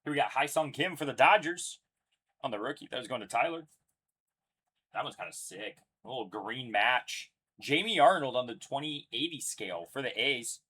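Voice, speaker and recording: Man, husky voice, animated pitch, casual live card break commentary, upbeat. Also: normal speed. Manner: casual, chatty, upbeat announcing of each pull.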